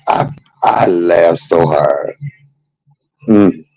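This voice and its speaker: A man streaming a casual storytelling monologue, animated and laughing, shifting between jokes and heartfelt moments. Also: low-pitched, takes it slowly, gravelly, pauses often, rough recording.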